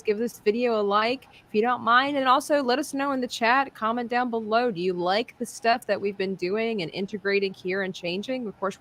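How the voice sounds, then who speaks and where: A woman co-hosting a casual livestream, chatting, reading out viewer comments and laughing between remarks. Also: on the high side. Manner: chatty, reads out chat comments, quick asides and laughs. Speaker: co-host of a livestream.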